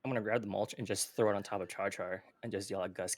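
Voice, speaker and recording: A woman's voice: extremely low pitch, fairly even intonation, fast talker, no room sound, studio quality. A woman playing a tabletop game, playful and trailing off in casual chat. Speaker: player.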